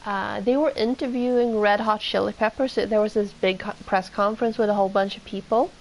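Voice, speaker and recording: A Swedish woman with a Swedish accent chats casually while streaming a game, rambling and meandering with lots of fillers. Her mid-range voice keeps a steady tone at a brisk pace. The recording is rough, with slight background noise.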